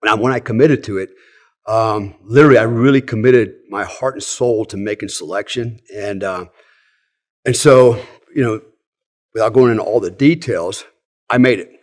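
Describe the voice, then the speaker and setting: Low-ish and moderately paced, this sixty-something man's voice belongs to an ex-special forces podcast guest recounting army days in relaxed storytelling. He's blunt, curses offhandedly, wanders a lot, and keeps ending lines with "right?" or "you know."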